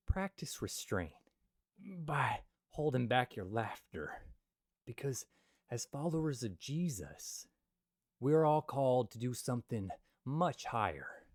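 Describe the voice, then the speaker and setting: Young guy doing a jokey bible talk, swings from loud bits to mumbles, dry close sound. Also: mid-range voice, expressive, takes it slowly, no room sound. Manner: joking, jumps between loud asides and quiet mutters. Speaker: Christian video host. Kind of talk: comedic Bible commentary.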